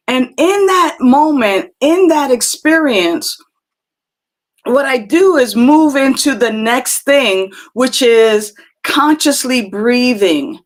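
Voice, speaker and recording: A woman with a high-sitting voice hosts a live spiritual talk show, responding to chat comments gently and reflectively, with lots of fillers and restarts.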